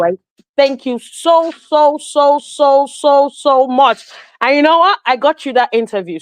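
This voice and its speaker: A woman calling into a livestream, warmly effusive and grateful, often repeating words. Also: on the high side, no echo. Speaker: caller joining a livestream. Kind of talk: casual call-in chat.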